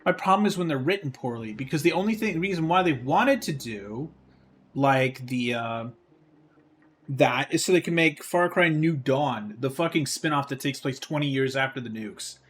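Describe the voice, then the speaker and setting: A man's voice: medium pitch, expressive, normal speed, fairly bright tone, slight background noise. A man streaming a game live, talking casually in a profane, ranting and exasperated way. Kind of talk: casual livestream chat while gaming.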